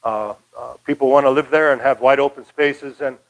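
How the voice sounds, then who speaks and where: A man's voice: mid-range voice, steady tone, normal speed, rough recording. An older man from Michigan giving a casual, rambling local history talk, folksy with many fillers. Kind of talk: casual lecture.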